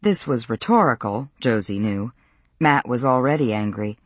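A man narrates a novel in a steady, measured way. His voice sits in a middle pitch. It is recorded close with no room echo. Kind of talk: audiobook narration.

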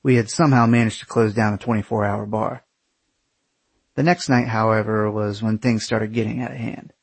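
Wry, husky storyteller. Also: male voice, lowish voice, steady tone, moderate pace, no echo. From United States. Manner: wry, sardonic. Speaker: memoir narrator. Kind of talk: first-person story narration.

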